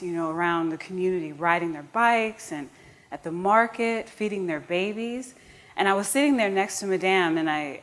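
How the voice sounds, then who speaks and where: Earnest woman telling a story on stage. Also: on the low side. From United States. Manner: earnest and warm-humored, with frequent restarts and asides to the audience. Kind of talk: live personal storytelling on stage. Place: theater stage before a live audience.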